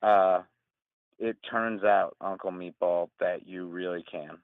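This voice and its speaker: A man's voice: low voice, fairly even intonation, slow pace, no room sound. Rambling man on a tinny phone line. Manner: rambling, laughing, swearing. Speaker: caller. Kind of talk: casual storytelling.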